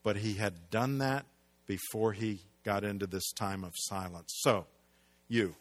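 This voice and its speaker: A man preaching a sermon, moving between loud emphatic lines and hushed low ones and posing rhetorical questions to the congregation. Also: measured pace. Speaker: pastor.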